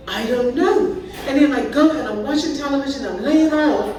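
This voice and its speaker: A woman's voice: high voice, moderate pace. Bermudian woman in her sixties doing stand-up. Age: 60s. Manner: chatty, animated, breaks into laughs. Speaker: stand-up comedian. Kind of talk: live stand-up storytelling. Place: party venue with a live audience. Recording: echoey room, mic from far off, audience laughter.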